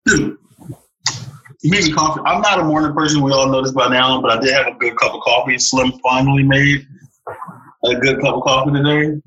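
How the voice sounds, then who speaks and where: A young man co-hosting a podcast, chatting casually and telling stories with animated energy. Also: mid-range voice, a little fast, muffled recording. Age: young adult. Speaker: podcast co-host. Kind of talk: casual chat.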